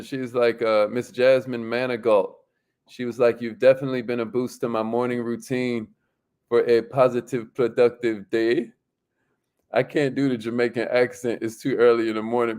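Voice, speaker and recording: A man's voice: medium pitch, darkish tone, clean tone. Upbeat slangy man hosting a livestream. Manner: upbeat, slangy, laughs often. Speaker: livestream host. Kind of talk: casual livestream chat reading viewer comments.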